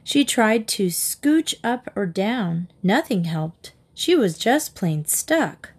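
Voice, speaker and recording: A woman's voice: medium pitch, sing-song, slow pace, slightly rough. Woman reading a children's book aloud. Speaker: storybook reader.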